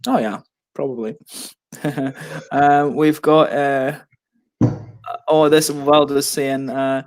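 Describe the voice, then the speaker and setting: A man's voice: mid-range voice, steady tone, takes it slowly, pauses often. A man hosting a casual beer chat on a video call, chatty and laughing often. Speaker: beer reviewer host.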